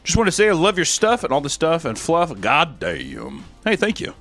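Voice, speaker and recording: A man's voice: sits high, lively intonation, quick pace, a bit bright, soft background music. A young man streaming, reading out fan messages in a crude, joking, sarcastic casual chat.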